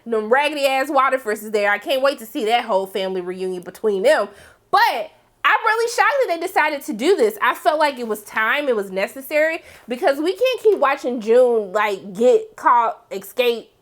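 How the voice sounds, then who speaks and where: A woman hosting a casual TV recap, chatty and animated, full of "like" and "um" fillers. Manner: chatty, heavy use of "like" and "um"; animated, breaks into excited high exclamations. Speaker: TV series review host.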